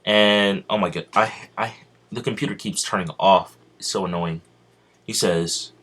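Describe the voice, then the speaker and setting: Man, deep low voice, casual fan storytelling, rambling, halting. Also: fairly even intonation, a bit bright.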